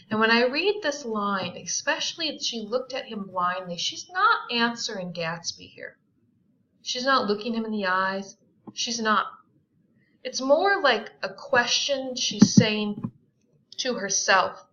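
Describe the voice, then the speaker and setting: A woman teacher reading a novel aloud and explaining it in a measured way. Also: mid-range voice, animated, sharp tone. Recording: roomy, dull lo-fi recording.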